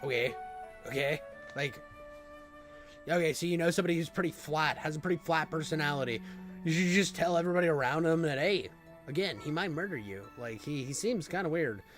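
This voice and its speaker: A man's voice: a little high, brisk, a bit bright, soft background music. A man giving casual reaction commentary, incredulous and rambling, with lots of fillers and some swearing. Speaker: reaction streamer.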